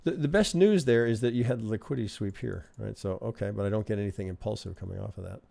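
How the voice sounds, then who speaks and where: Gravelly, dark-voiced trading instructor man. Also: lowish voice, fast. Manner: conversational, keeps asking "right?", thinks aloud. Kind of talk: live-stream chart review.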